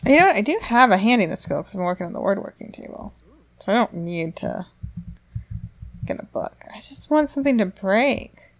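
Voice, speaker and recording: A woman's voice: medium pitch, expressive, fairly quick. A young adult woman giving casual commentary while she plays a life-simulation game, chatty and reacting aloud to what happens. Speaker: let's play gamer.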